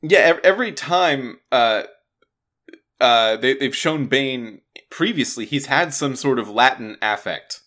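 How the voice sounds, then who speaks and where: A man's voice: mid-range voice, expressive, unhurried, bright, forceful tone. A man co-hosting a casual gaming podcast, rambling and restarting his words often. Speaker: podcast co-host.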